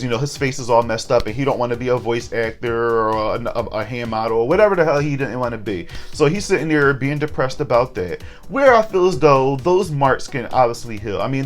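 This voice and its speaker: A young adult man chatting candidly through a casual recap, with joking asides. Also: mid-range voice. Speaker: horror TV recap vlogger.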